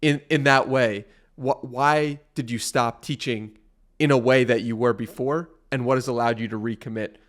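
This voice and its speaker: A man's voice: mid-range voice, steady tone, moderate pace. Earnest male podcast host asking questions. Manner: earnest, stacks several questions together. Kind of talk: interview questions.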